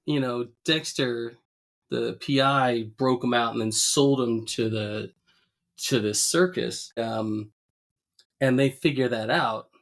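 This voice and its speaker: A man co-hosting a podcast, casually recapping a cartoon episode, laughing often and jumping into higher voices to quote characters. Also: takes it slowly. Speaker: podcast co-host.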